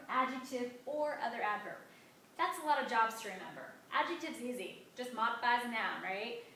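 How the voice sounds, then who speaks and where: Bright-voiced woman teaching grammar. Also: fairly high pitch, slight background noise. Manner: emphatic, drawn-out stresses on key words. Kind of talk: classroom grammar lesson. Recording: echoey room, mic at a distance.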